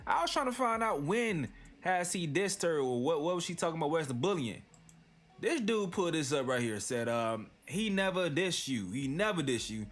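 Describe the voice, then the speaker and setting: A man's voice: a little high, animated, normal speed, faint music behind. A man hosting a commentary channel, reading posts aloud and reacting in loose, slangy casual talk. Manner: reads tweets aloud then reacts, slangy.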